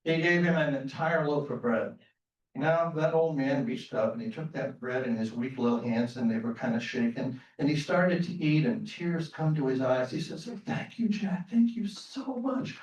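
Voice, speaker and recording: A man telling a folktale live on a theater stage, lively and questioning the audience. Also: mid-range voice, normal speed. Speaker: storyteller. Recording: roomy theater sound from far off.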